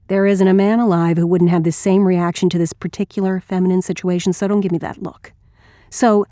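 A woman's voice: on the low side, mellow, dry recording, clean studio sound, natural voice. A woman reading an audiobook as a blunt, wry, crude male ex-Marine narrator.

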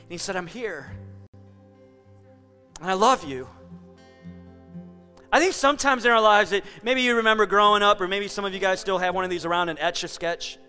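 High, bright-voiced preacher man. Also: quick pace, clear, resonant tone, in a large hall, soft background music. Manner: earnest, conversational, emphatic. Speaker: pastor. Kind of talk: sermon.

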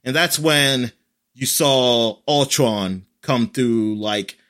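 A man in casual chat, recapping an episode in a rambling way with lots of fillers and lively quoted lines. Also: medium pitch, drawn-out words.

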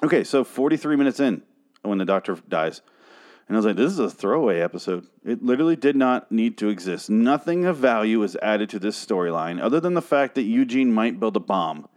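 A man's voice: lowish voice, big pitch swings, a little fast, a little mellow. Man, solo podcast host, exasperated rant, swearing a lot, sarcastic. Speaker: podcast host reviewing a TV show. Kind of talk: ranting solo podcast review.

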